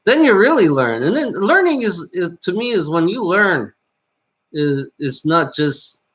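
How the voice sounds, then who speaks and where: A man's voice: sing-song, measured pace, fairly bright tone, slightly rough. Man rambling with lots of "you know?". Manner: repetitive, swearing, frequent "you know?"; voice jumps high on exclamations. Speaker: vlogger. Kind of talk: rambling monologue.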